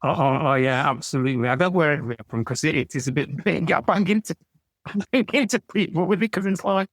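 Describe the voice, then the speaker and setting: A man's voice: on the high side, fast talker, a bit bright, no room sound. Rambling man in his sixties. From England. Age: 60s. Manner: rambling anecdotal, frequent stammered restarts. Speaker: podcast guest. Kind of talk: casual storytelling chat.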